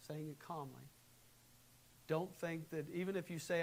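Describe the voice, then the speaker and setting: A man preaching a sermon in a church, animated, shifting between quiet, calm advice and loud, acted-out quotes. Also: a little high, normal speed, long pauses, low-quality recording. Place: church sanctuary. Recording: faint hiss, live church recording.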